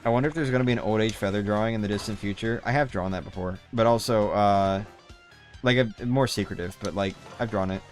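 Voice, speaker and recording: A man's voice: fairly low pitch, fast, soft background music. A young man chatting loosely while streaming a game, rambling and swearing casually. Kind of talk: casual live-stream commentary.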